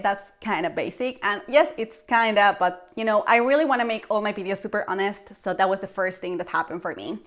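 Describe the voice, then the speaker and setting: Animated young Mexican woman telling a story. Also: medium pitch. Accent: Mexican Spanish. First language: Spanish. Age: young adult. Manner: animated, acts out her past reactions with exclamations. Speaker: vlogger. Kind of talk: casual storytelling vlog.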